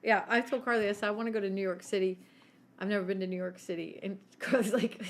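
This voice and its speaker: A woman's voice: medium pitch, fairly even intonation, fast. Brash, swearing woman telling stories. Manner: brash, laughing, swears often. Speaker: podcast co-host. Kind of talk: casual storytelling chat.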